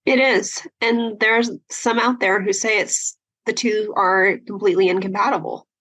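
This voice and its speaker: A podcast host, a woman, chimes in with short agreeing remarks. Her voice has a slightly husky edge at a middle pitch. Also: fairly even intonation, moderate pace, fairly bright tone, poor audio. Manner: brief agreeing interjections. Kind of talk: interview.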